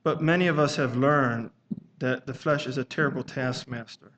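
A man preaching a sermon at a church service, speaking in a measured, halting way and reading scripture aloud in old-fashioned wording. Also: medium pitch, a bit bright, muffled recording, a little hiss or hum.

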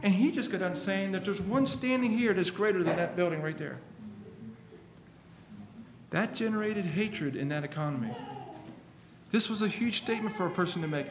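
A man's voice: sits high, echoey room, background noise. A man preaching a sermon, earnest and emphatic, quoting scripture at length.

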